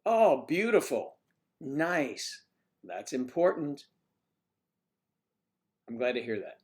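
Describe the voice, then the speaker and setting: A man's voice: medium pitch, lively intonation, takes it slowly. A man hosting a casual livestream, chatting with viewers and reading their comments, teasing and muttering asides to himself.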